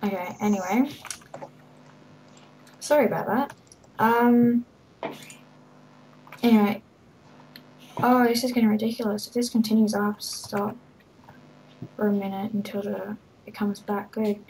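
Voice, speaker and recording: A woman's voice: medium pitch, steady tone, unhurried, pauses often, a little mellow, a little hiss or hum, poor audio. A woman giving a rambling, hesitant walkthrough of her game server, full of ums and little laughs. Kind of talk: casual game walkthrough commentary.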